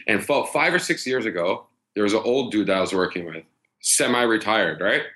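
A man in his thirties chatting as a podcast guest, swearing freely and telling stories with animated energy. His voice sits low and comes across forceful and tense. He piles on fillers and quick restarts. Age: 30s. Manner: loose, profane, animated storytelling; heavy filler words and restarts. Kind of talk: casual storytelling chat.

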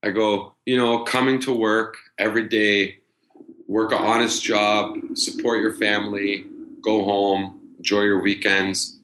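A man in his thirties, guesting on a podcast, tells stories in a loose, profane, animated way during a casual chat. His low voice sounds forceful and tense, and he piles on filler words and quick restarts.

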